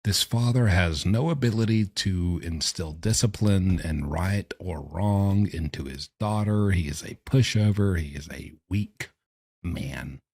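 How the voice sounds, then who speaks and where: Scornful male commentator, low-ish voice, dry and close. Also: darkish tone, slightly rough, no echo. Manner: sarcastic, scornful. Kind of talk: commentary on recordings.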